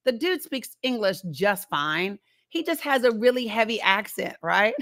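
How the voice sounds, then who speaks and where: A woman's voice: medium pitch, expressive, a little slow, fairly bright tone. An older woman hosting a livestream, telling a personal story in a chatty way and speaking directly to her viewers. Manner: chatty, conversational, addresses the audience directly. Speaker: livestream host. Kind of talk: casual storytelling to a live chat.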